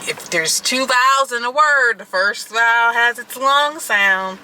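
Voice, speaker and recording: A woman's voice: on the high side, bright, forceful tone, slight background noise, rough recording. A woman, co-hosting a casual chat from a parked car, laughing and teasing. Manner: laughing, teasing, quick to correct. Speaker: co-host, wife.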